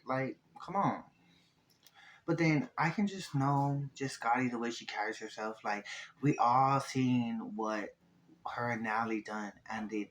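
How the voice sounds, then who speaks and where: A man, recapping a reality TV episode in casual, profane talk, full of quick asides. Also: mid-range voice, slight background noise, low-quality recording. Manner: profane, animated, fast asides, mimics cast members.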